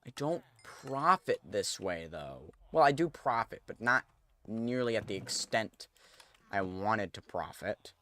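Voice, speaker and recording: A man's voice: on the low side, expressive, unhurried, bright, forceful tone. A man streaming a game, chatting casually to viewers as he thinks aloud and corrects himself. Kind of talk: casual gameplay commentary.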